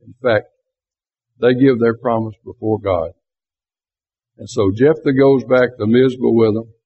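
Man, Bible class teacher, husky, unhurried, tinny phone-like recording. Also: mid-range voice. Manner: conversational, asks the class rhetorical questions.

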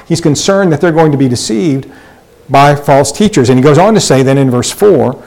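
A man's voice: on the high side, expressive, brisk, creaky, a little mellow, rough recording. A man teaching a Bible study lesson, reading verses and explaining them in a loose, conversational way with many fillers and restarts.

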